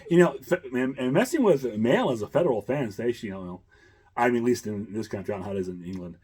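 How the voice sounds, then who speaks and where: A man's voice: medium pitch, expressive, fast talker, darkish tone, slightly rough. A man hosting a casual chat, rambling with many fillers and chuckles. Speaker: host.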